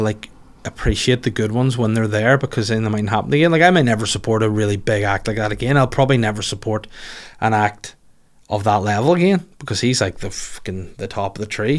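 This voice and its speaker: A man in his forties with a Northern Irish accent, hosting a solo podcast in rambling, sweary, self-mocking casual chat. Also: mid-range voice. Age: 40s. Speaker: podcast host.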